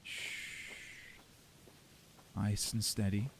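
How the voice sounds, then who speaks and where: A man streaming a video game, chatting excitably with his viewers and laughing often. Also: on the low side, extremely slow, creaky, very noisy. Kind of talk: casual live-stream commentary.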